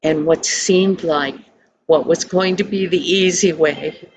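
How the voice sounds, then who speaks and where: An older woman narrating a storybook tale in a soft, hushed, unhurried way. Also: fairly low pitch, steady tone, music in the background, low-quality recording.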